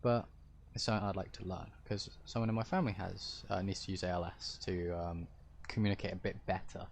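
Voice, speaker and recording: A man with a deep-ish voice, streaming a roleplay game and chatting to viewers in a rambling, hesitant way as he explains things. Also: little pitch movement, fairly quick, creaky, a little hiss or hum. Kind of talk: casual chat to stream viewers.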